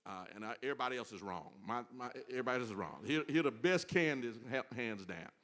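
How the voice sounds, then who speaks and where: A man preaching to a church congregation in a bright, forceful voice. He sits at a middle pitch, jokes with the room, and circles back over the same phrases before moving on. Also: animated, quick pace, big-room sound. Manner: playful, repeats phrases, banters with congregation. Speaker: pastor. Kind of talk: informal sermon. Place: church service.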